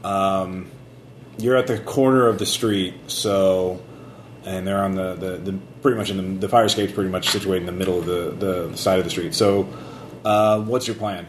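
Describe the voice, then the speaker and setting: A man's voice: low-pitched, steady tone, normal speed, echoey room, a little hiss or hum. A man narrating a tabletop game as game master, rambling with many fillers and restarts.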